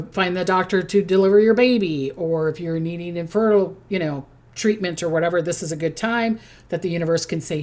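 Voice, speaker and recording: A middle-aged woman talks through a zodiac forecast in a loose, chatty way, with a somewhat low voice. She keeps checking in with listeners and drops into quick mimicked voices now and then. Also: darkish tone. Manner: chatty, repeats "okay?", acts out quick voices. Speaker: psychic doing zodiac forecasts. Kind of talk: casual spoken forecast to camera.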